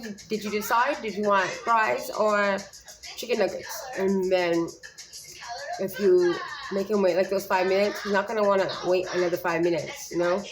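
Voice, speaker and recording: A woman's voice: lowish voice, low-quality recording. Rambling young mother giving speech tips. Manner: rambling, many fillers and restarts. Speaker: parent sharing speech tips. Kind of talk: casual advice vlog.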